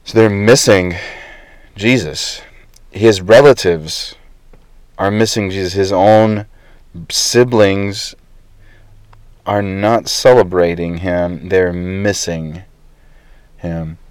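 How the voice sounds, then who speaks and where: A man's voice: deep voice, steady tone, slow pace, pauses often, clear, resonant tone, dry recording. A man in his thirties, a pastor preaching a conversational sermon with frequent fillers.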